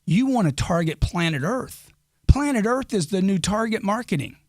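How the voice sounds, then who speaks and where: A man's voice: sits high, animated, moderate pace, no room sound, clean studio sound. A middle-aged man speaking as an interview guest, giving brash, emphatic, crude motivational talk. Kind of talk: podcast interview.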